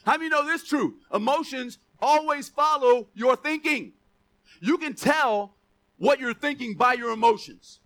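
High bright-voiced male preacher. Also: a little slow. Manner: conversational, asks the congregation questions, laughs often. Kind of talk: sermon.

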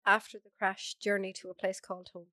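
Hoarse, frank Irish woman. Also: medium pitch, level tone, fairly quick, pushed and bright, no echo, clean studio sound. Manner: frank, chatty, laughs often. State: hoarse from a cold. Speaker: guest. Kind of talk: casual interview chat.

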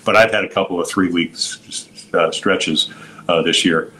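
A man's voice: low voice, steady tone, a little slow, bright, forceful tone, slight background noise, rough recording. Older man telling rambling baseball stories. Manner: rambling anecdotes with frequent restarts and quoted voices. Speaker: guest, former pitcher and broadcaster. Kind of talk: storytelling interview.

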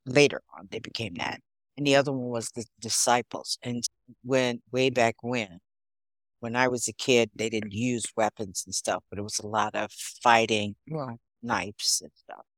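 Low-voiced woman from Chicago, chatting. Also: moderate pace, no room sound. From Chicago, USA. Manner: storytelling, animated, laughs often. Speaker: podcast guest, therapist. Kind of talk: casual interview chat.

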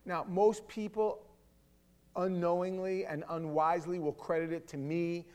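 A man pastor giving a conversational sermon with stammering restarts, swelling into loud fervor. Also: high-pitched, little pitch movement, measured pace, smooth.

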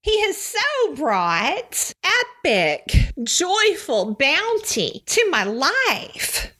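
A woman's voice: sits high, wildly swooping pitch, very slow, bright, forceful tone. A Texan woman hosting a Christian devotional podcast, emotional and effusive, sniffling through tears as she talks into her microphone. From Texas. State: teary, sniffling. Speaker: podcast host. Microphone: studio microphone, seated.

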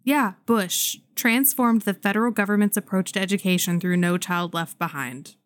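A woman's voice: medium pitch, normal speed. Playful laughing woman telling stories. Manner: playful, laughing, animated storytelling. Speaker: podcast co-host. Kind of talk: casual chat.

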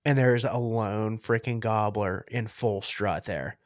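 A man with a West Virginia accent, co-hosting a podcast and excitedly telling a hunting story with frequent laughs. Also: fairly low pitch, slow, no room sound, studio quality. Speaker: podcast co-host. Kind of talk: casual storytelling chat.

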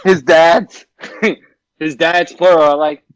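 A man co-hosting a podcast in casual chat, jokey and animated, swearing freely as he riffs. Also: a little high, slow pace, smooth, dry recording. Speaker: podcast co-host.

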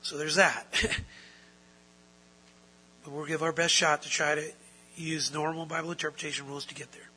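A man's voice: fairly high pitch, little pitch movement, moderate pace, long pauses, pushed and bright, breathy edge, rough recording. A man preaching a sermon as pastor, emphatic and repeating key phrases for stress.

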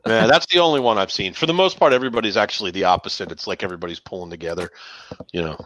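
A man's voice: low voice, very fast, fairly bright tone, no room sound, highs cut off. A man co-hosting a casual chat show, telling long rambling anecdotes full of "like" and acting out the people in them. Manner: rambling storyteller, heavy on "like"; acts out other people's voices in anecdotes. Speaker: podcast co-host.

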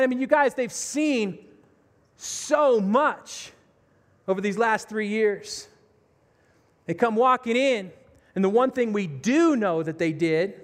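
A man's voice: sits high, expressive, takes it slowly, long pauses. A man preaching a sermon, retelling a story vividly and speaking directly to his listeners. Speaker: pastor. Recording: long reverb of a large hall.

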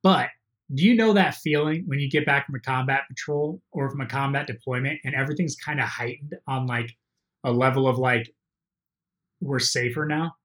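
A man, a podcast guest, telling an animated story in casual conversation. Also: mid-range voice, moderate pace. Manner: animated, laughing through a funny story.

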